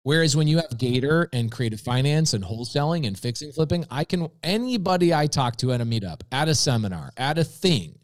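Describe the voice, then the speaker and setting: A lively man talking on a podcast, jumping between characters as he acts out little conversations. His pitch leaps around as he plays each side, and the recording is dry and close. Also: brisk, dry recording. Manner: energetic, voices both sides of imagined conversations. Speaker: podcast guest, real estate investor. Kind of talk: animated storytelling with acted-out dialogue.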